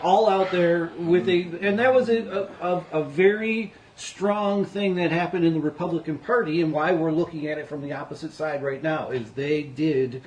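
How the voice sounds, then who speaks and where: A man's voice: on the high side, steady tone, moderate pace, few pauses, poor audio. A man on a podcast, talking politics in an earnest, rambling way with many restarts. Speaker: podcast co-host. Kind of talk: casual political chat.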